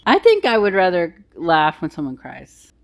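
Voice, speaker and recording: A woman's voice: on the low side, wildly swooping pitch, moderate pace, creaky, dry recording. A young woman co-hosting a podcast, chatting casually and teasing with lots of laughter. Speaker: podcast co-host. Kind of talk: casual chat.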